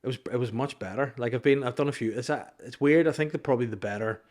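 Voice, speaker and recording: A man's voice: mid-range voice, fast talker, darkish tone. Een jonge man die grappend en rommelig vertelt in een ontspannen podcastgesprek, met een gemiddelde toonhoogte. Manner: joking, rambling with frequent restarts. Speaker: actor guest. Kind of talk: casual podcast chat.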